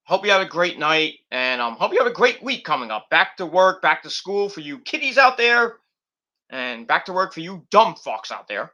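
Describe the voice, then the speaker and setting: A man's voice: high-pitched, very animated, moderate pace, bright, forceful tone. A man hosting a casual late-night wrestling podcast, rambling and profane with lots of fillers. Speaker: podcast host.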